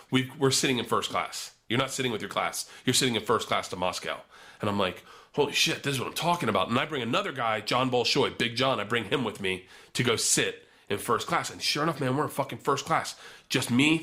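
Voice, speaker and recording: A young man telling a wild story in casual podcast chat, swearing freely and acting out the other people's voices. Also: medium pitch. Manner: animated, profane storyteller who acts out voices. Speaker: podcast guest.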